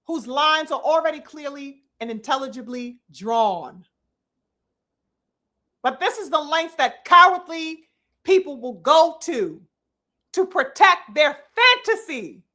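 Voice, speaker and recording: A woman with a high, bright, ringing voice delivers a heated live commentary. She lectures like a preacher, stressing long words, swearing freely and calling her audience brothers and sisters. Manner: preachy, emphatic, profane, addresses "brothers and sisters". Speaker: commentary host.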